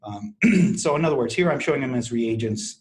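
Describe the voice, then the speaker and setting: Teaching a university chemistry class, this middle-aged professor walks through the material step by step. He keeps a brisk pace and medium pitch, restarting phrases and clearing his throat frequently.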